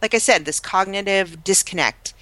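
Bright, animated gossipy woman. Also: medium pitch, moderate pace, no echo. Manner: animated, gossipy, acts out quoted people. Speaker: podcast co-host. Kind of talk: casual chat.

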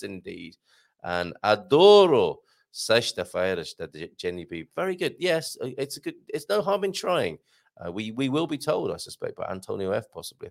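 Chatty man with gravelly voice. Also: fairly low pitch. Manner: chatty, self-interrupting, laughs at his own jokes. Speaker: live show host. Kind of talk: casual live-stream chat reading viewer comments.

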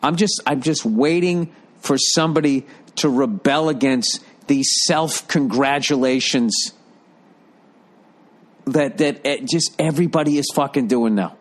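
A man's voice: medium pitch, measured pace. An older man ranting in a rambling, profane, exasperated way, like a commentator. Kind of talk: profane comedic rant.

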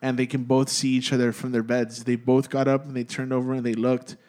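A man's voice: mid-range voice, flat delivery, fairly quick, a little mellow. A young man telling a spooky story to friends in casual chat, rambling and profane, full of "dude" and restarts.

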